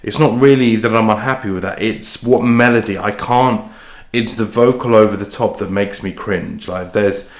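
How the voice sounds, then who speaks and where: A man chatting casually and swearing freely while cooking in his kitchen, talking through his day as a musician. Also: on the low side. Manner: chatty, sweary, self-deprecating. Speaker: musician vlogger. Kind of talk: casual rambling vlog. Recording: echoey kitchen with faint clatter.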